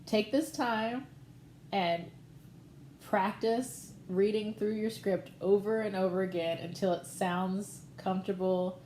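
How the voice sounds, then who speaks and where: A woman's voice: medium pitch, warm tone, reverberant, a little hiss or hum. A woman teacher patiently explaining voiceover delivery in a conversational online lesson.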